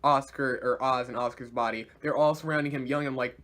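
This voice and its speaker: A man giving a casual video review of a series, animated and slangy, laughing often. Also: medium pitch, quick pace, few pauses.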